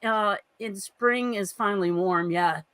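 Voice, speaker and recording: A woman co-hosting a genealogy livestream over a video call, chatting casually and greeting viewers by name with lots of quick asides. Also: mid-range voice, fairly bright tone, clean tone, dry recording. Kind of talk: casual chat.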